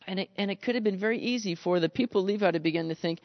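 A man's voice: high-pitched, rapid-fire, hardly any pauses, no echo, in a large hall, lo-fi sound. A man preaching a sermon in a conversational way, calling his listeners guys and acting out the complaining voices of the people he talks about. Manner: animated, acts out quoted grumbling voices. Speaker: pastor. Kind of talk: expository sermon.

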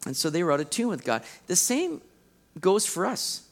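A man preaching a sermon, teaching from Scripture and acting out the people he quotes. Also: normal speed. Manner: animated, acts out quoted voices with big pitch swings. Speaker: pastor.

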